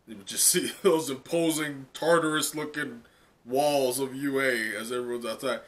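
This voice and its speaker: A man reacting live to a comic chapter in casual, excited talk full of "like" and laughs. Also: mid-range voice, moderate pace. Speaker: manga reaction streamer.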